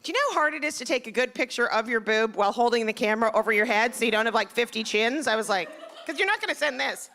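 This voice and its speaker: A woman's voice: fairly high pitch, a little hiss or hum. Chatty middle-aged woman doing stand-up. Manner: chatty, confessional, full of fillers and quick voice shifts. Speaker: stand-up comedian. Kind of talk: live stand-up set. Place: comedy club stage. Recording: live stage mic with loud crowd. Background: audience laughter.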